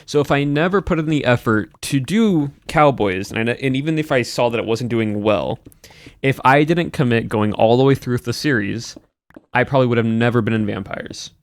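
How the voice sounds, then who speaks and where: A man's voice: mid-range voice, moderate pace, no echo. A man streaming live, chatting casually and rambling while he answers his chat.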